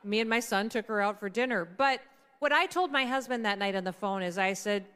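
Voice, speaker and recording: A middle-aged woman speaks at a dinner event, telling a personal story in a relaxed, conversational way. Her voice is smooth and clean, in a middle register, and she slips into the voices of the people she quotes. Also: mid-range voice, fairly quick. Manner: conversational, acts out quoted dialogue. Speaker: guest speaker at a political dinner. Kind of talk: anecdotal storytelling speech.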